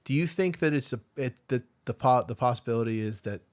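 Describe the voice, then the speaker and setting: A man co-hosting a casual podcast chat, asking questions with hesitant, halting phrasing. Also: medium pitch, a little mellow. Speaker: podcast co-host.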